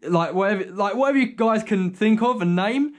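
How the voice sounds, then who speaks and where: A man's voice: high voice, fairly quick, dry recording. A young man filming a casual vlog on a handheld phone, chatting to his viewers in a rambling way and calling them guys. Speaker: vlogger. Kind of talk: casual vlog chat to camera. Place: home, then outdoors by a car.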